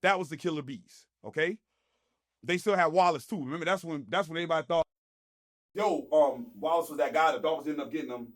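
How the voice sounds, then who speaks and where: A man with a high voice rants about football, getting louder and more emphatic as he builds his case. He sits a bit back from the mic, so his voice sounds slightly distant. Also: quick pace. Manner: emphatic, rising to near shouts, repeats "you know what I'm saying". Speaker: sports show host. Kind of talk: heated sports debate.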